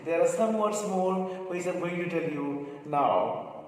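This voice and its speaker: A man teaching pronunciation. He repeats each word slowly and draws out the sounds. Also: high voice, animated, a little mellow. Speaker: English teacher. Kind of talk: pronunciation lesson. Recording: echoey room, mic far off, faint noise.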